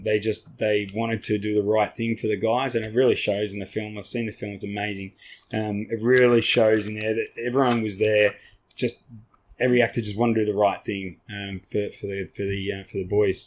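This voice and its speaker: A middle-aged Australian man, a podcast guest and army veteran, telling stories in casual chat, swearing freely and acting out the people in them. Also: on the low side.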